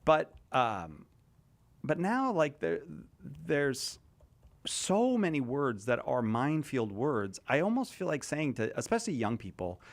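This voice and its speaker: A man hosting a radio talk show, chatting casually with a panel and thinking aloud with lots of restarts. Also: mid-range voice.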